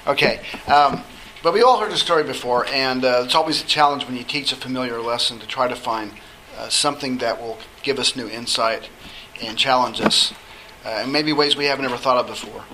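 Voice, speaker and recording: A man's voice: mid-range voice, bright, forceful tone, a little hiss or hum, low-quality recording. A man teaching a Bible study lesson, talking conversationally and putting questions to the class. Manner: conversational, asks the class questions, halting restarts.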